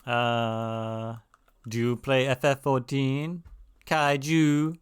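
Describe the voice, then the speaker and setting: A male streamer chats loosely while playing, drifting into self-mocking asides. His voice is bright and forward, at an ordinary pitch. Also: animated, a little slow, clean tone. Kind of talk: casual gameplay chat.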